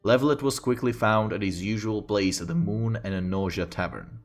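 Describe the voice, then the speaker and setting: A man reading a fantasy story aloud on a stream, with steady, unhurried storytelling. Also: on the low side, soft background music.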